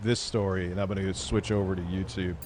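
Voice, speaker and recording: A man hosting a stream, telling crude stories in a blunt, animated way. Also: sits low, fairly quick, a little hiss or hum. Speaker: streamer and host. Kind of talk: casual profane storytelling. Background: music.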